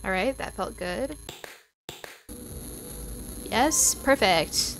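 A woman hosting a gaming channel, giving casual let's-play commentary in a chatty, excitable way with dramatic exclamations. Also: mid-range voice, very slow, faint music behind.

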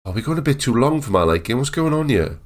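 A man giving casual, excitable commentary over a football management game, chatting and joking as the match plays. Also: medium pitch, fast. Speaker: gaming YouTuber. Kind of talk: casual Let's Play commentary.

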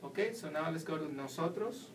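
A man's voice: fairly high pitch, lively intonation, fairly quick. Man teaching at a distant whiteboard. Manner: patient, explains step by step. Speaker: Spanish teacher. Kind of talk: whiteboard language lesson. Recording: distant mic with faint room noise.

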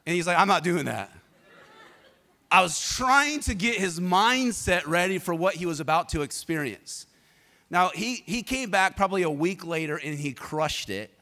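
Pastor, male, fairly high voice, lively conversational preaching that calls on the congregation, long church reverb. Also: moderate pace. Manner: energetic, conversational, prompts the congregation to respond. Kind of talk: sermon with personal storytelling.

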